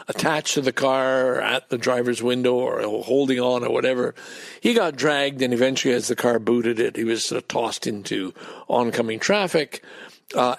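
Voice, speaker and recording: Gravelly man telling a rambling story. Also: mid-range voice, no echo, clean studio sound. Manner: rambling storyteller with restarts and blunt swearing. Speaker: podcast host. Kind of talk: casual podcast monologue.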